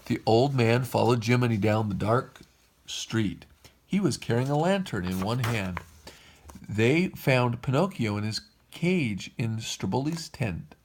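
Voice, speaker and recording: Gravelly dad reading a storybook aloud. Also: male voice, mid-range voice, measured pace. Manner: expressive, lilting read-aloud. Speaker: father reading to his kids. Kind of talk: storybook read-aloud narration.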